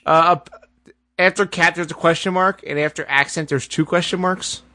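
A man hosts a casual comedy podcast and reads out questions. His voice is bright and forceful and sits a little high. The sound is dry and close. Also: fairly even intonation, normal speed, dry recording. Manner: teasing, exasperated groaning at jokes. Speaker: podcast host.

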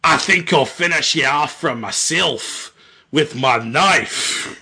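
A man voicing a gruff knife-wielding bounty hunter villain, trying an Australian accent that slides into Scottish. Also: fairly high pitch, takes it slowly, pushed and bright, heavily acted. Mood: taunting. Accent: failed Australian, drifting Scottish.

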